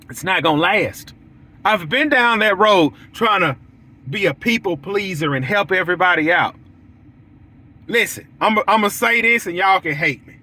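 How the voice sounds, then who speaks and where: A young lawn care business owner talks casually but bluntly to his audience, preaching and repeating his points to drive them home while acting out quoted lines. His voice is high and bright with a sharp edge.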